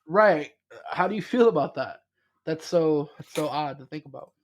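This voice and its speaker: A man's voice: a little high, lively intonation, moderate pace. Rambling young man on a podcast. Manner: rambling, many fillers and restarts, swears casually. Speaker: podcast co-host. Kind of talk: casual chat.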